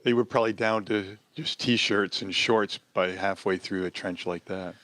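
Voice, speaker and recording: A man's voice: on the low side, steady tone, moderate pace, a bit bright, no echo. A man co-hosting a home-building podcast, chatting casually and asking curious questions. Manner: curious, agreeable, asks questions. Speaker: podcast co-host.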